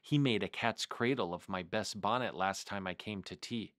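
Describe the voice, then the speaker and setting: A man reading aloud and voicing a brisk, stern cat cousin with a firm, no-nonsense manner. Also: fairly low pitch, a bit bright, dry recording, clean studio sound, close to an everyday voice.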